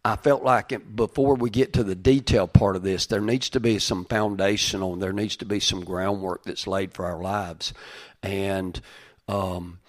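A middle-aged pastor preaches with a low voice in a relaxed, folksy way. He drifts into side stories and often restarts a sentence before he goes on. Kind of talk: conversational sermon.

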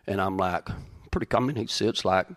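Middle-aged male pastor, low voice, chatty folksy sermon full of asides and restarts. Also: normal speed. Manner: folksy, with side stories and repeated restarts. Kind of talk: conversational sermon.

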